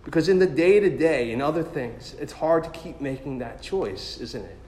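A man telling a personal story as a sermon, in an animated, self-deprecating way. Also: a little high, moderate pace. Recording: echoey hall with long reverb.

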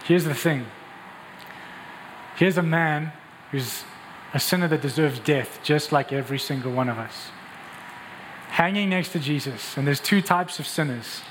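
Man, preacher, emphatic storytelling sermon, slightly high voice, echoing hall. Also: a bit bright, slight background noise. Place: church hall.

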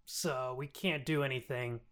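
A man's voice: medium pitch, a little slow, clean tone, pitched below the performer's own voice, natural voice. A man casually paraphrasing a worried noble mother while recapping a show. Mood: deadpan. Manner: flat, offhand paraphrase. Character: worried noble mother, middle-aged woman.

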